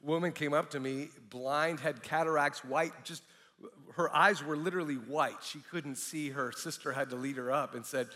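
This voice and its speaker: A middle-aged man, a pastor, preaching with candid, animated storytelling and frequent restarts. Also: fairly high pitch, normal speed. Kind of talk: sermon with personal testimony. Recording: long reverb of a large hall.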